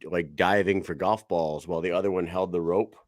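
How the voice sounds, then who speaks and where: A podcast co-host who talks emphatically and with disbelief, swears and reads viewer comments aloud. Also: male voice, low voice, fairly even intonation, brisk, no echo, clean studio sound. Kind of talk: casual podcast chat.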